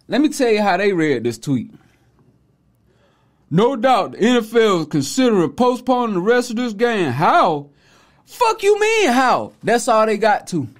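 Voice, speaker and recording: A man hosting a podcast, delivering an opinionated commentary monologue in casual slang, mocking and preachy. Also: high-pitched. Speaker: podcast host.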